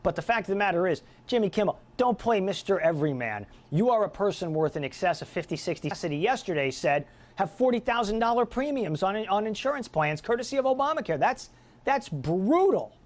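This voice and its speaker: A man's voice: high-pitched, animated, fast talker, few pauses. A middle-aged man hosting a political talk radio show, delivering a combative, sarcastic monologue.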